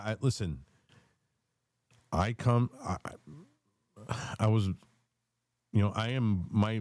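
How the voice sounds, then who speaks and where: A man's voice: sits low, mellow, no echo. A man in his forties hosting a casual political chat, rambling and swearing in an easygoing way. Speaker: podcast host.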